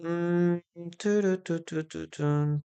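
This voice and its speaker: A man's voice: a little high, steady tone, slow pace, dark tone. A man with a Peruvian Spanish accent, a native Spanish speaker, teaching a live online English lesson, repeating phrases for practice and answering viewers' comments.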